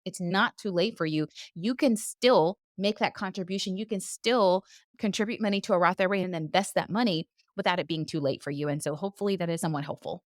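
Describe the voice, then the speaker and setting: A woman's voice: lowish voice, quick pace, no echo, studio quality. A woman who is a doctor co-hosting a casual podcast, chatty and playful as she tells stories. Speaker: podcast co-host.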